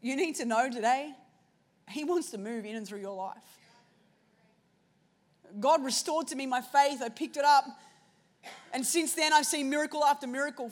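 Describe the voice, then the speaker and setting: A woman preacher telling a personal story in a sermon, shifting between hushed and loud moments. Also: high-pitched.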